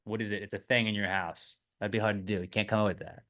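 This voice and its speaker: A man in his thirties co-hosting a podcast, rambling casually, swearing, and speeding up in animated bursts. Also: on the low side, fast talker, hardly any pauses. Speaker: podcast co-host. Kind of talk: casual chat.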